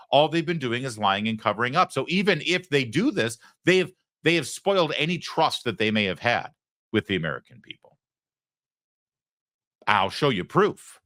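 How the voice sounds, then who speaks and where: A man's voice: mid-range voice, very animated, a little fast, pushed and bright, no echo, clean studio sound. A man hosting a political commentary show, delivering a sarcastic opinion monologue and acting out quoted voices.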